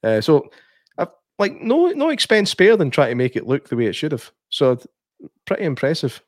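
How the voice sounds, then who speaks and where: A man's voice: a little high, wildly swooping pitch, normal speed, dry recording, studio quality. A Scottish man co-hosting a podcast, chatting casually about a film with lots of fillers and laughs. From Scotland. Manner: chatty, laughs often, many fillers and restarts. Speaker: podcast co-host.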